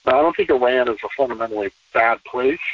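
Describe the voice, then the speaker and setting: A man talking as a podcast guest in a relaxed conversational interview, emphatic and repeating phrases to drive points home. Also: medium pitch, quick pace, dry recording. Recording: distant, tinny phone-line sound.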